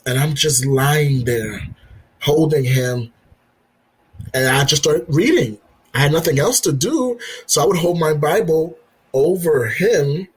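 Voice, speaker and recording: A man, a military veteran and father, telling his story as a podcast guest in an earnest, halting way, repeating himself and acting out the dialogue. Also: fairly high pitch, slightly rough, rough recording. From United States. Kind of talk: personal storytelling in an interview.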